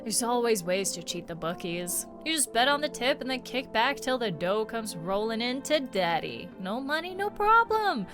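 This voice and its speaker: A woman's voice: fairly high pitch, big pitch swings, normal speed, hardly any pauses. A woman voicing a crude, boastful male gambler who swaggers and calls everyone bro. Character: brash loudmouth male gambler, boastful swindler. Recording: game music behind.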